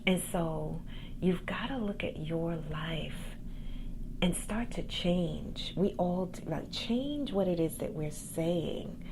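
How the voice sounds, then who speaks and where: A woman hosting a podcast, giving a calm, soft-spoken motivational pep talk about faith and gifts as a coach. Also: fairly low pitch, takes it slowly, background noise. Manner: faith-based encouragement. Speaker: podcast host and accountability coach.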